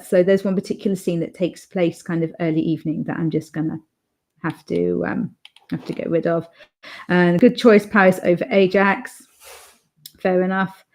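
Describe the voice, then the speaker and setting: A woman's voice: mid-range voice, darkish tone. A young woman hosting an author livestream, chatting casually and reading viewer comments aloud, rambling with fillers and restarts.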